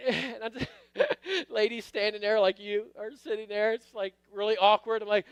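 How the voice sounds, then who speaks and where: Brief: middle-aged male pastor, high voice, smooth and clear, dry close sound, storytelling sermon delivery. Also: normal speed, a bit bright, no echo, dull audio. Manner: storytelling with acted quotes, calls out to the congregation.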